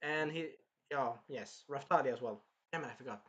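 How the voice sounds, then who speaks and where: Bright-voiced man rambling through a review. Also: medium pitch, fairly quick, husky, lo-fi sound. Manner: rambling, swears freely, jumps into character quotes. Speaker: anime reviewer. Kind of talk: casual review vlog.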